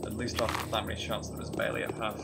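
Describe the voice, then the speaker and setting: Gravelly low-voiced man commenting on a game. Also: little pitch movement, very fast, heavy background noise. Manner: dry, wry and easily exasperated. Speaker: let's play commentator. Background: loud game music.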